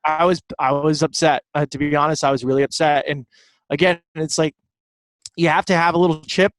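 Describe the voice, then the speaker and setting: A man speaking as a guest in a casual interview, an animated storyteller who repeats words. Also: a little high, brisk, dry recording. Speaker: guest, baseball broadcaster.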